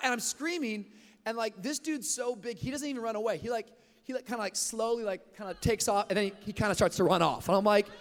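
Young male pastor, high-pitched, animated sermon storyteller in a reverberant hall. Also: brisk. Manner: energetic storytelling, rising to shouts. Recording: long reverb of a large hall.

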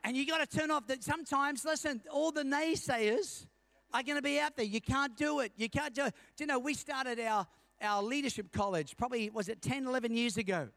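Man, middle-aged, senior pastor, storytelling sermon, high pitch. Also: fairly quick, a bit bright, dry recording. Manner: storytelling preacher, asks the congregation for amens.

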